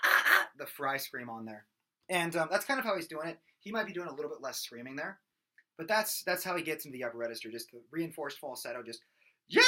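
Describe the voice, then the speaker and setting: A man giving a casual singing lesson, explaining in a loose, rambling way with plenty of fillers and restarts. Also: mid-range voice. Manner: loose, rambling explanations broken by loud belted and screamed sung examples. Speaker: vocal coach.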